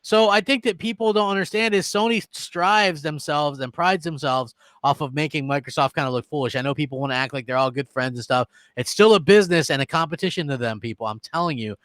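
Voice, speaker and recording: A man's voice: on the high side, quick pace, few pauses, a bit bright, dry recording. A man co-hosting a casual gaming podcast, opinionated and emphatic, often repeating himself. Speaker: podcast co-host.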